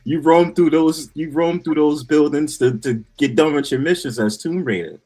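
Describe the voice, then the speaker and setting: A man with a New York accent talking loudly and laughing often as a guest on a casual stream chat. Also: on the high side, moderate pace. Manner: loud, laughing, animated swearing.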